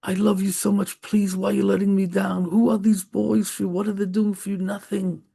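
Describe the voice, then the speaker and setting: A man's voice: high-pitched, fairly even intonation, measured pace, creaky, dark tone, exaggerated voice. A man voicing a grieving dead father who pleads with his son from heaven, repeating himself. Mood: pleading. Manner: pleading, repetitive.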